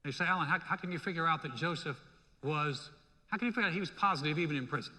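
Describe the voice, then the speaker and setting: A male pastor preaching a sermon in a church, in a lively, conversational way. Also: a little high, racing. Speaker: senior pastor. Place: church sanctuary. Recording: long reverb in a hall.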